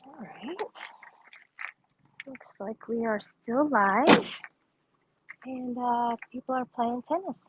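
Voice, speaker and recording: A young woman talks loosely on a livestream, answering viewer comments between frequent laughs and casual swearing. Her voice sits a little high, and a faint hiss of background noise runs under it. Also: lively intonation, slow, long pauses. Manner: laughs often, swears casually, rambling with fillers.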